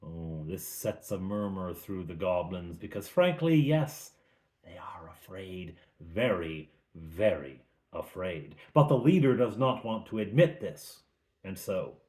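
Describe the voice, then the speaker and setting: A man's voice: low-pitched, expressive, slow, darkish tone, roomy sound. A man recapping a tabletop game as game master, in a casual, chatty way with asides.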